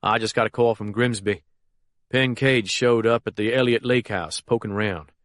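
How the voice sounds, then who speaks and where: A man reading as a rough male henchman who reports bluntly and matter-of-factly in an audiobook. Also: on the low side, normal speed, a bit bright, dry recording, close to an everyday voice. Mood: reporting.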